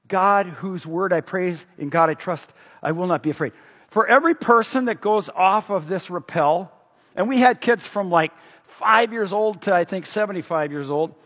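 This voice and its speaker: A man preaching a sermon in an energetic, emphatic way, moving between loud stresses and quiet asides. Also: high-pitched, husky. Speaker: pastor. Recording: dull, echoing hall sound.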